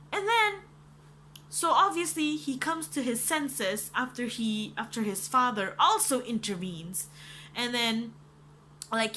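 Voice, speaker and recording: A young woman reviewing a book in casual chat, animated and ranting, swearing freely and saying "like" a lot. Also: medium pitch, slight background noise.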